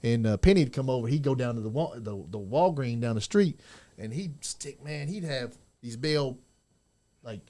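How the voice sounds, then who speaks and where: A man in casual studio chat with old friends, telling profane, animated stories. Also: mid-range voice, normal speed. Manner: storytelling, profane, laughing, quoting others. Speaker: host. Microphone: studio mic.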